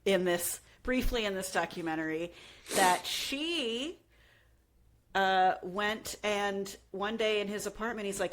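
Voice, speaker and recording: A woman's voice: medium pitch, a little slow, fairly bright tone. A young adult woman co-hosting a podcast, casually retelling a true crime story and acting out the quotes. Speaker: podcast co-host.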